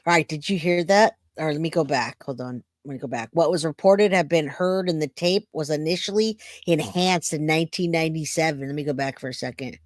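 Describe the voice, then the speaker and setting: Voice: medium pitch, a little fast, few pauses, no echo, studio quality. A true crime channel host talking casually to viewers, reacting to archive audio and addressing them as "you guys".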